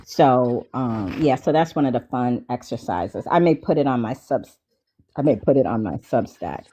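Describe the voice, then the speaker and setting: A woman host in casual chat, telling stories in an animated way and talking straight to her listeners. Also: a bass voice, moderate pace. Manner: animated storyteller, addresses listeners as y'all. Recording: dull lo-fi audio.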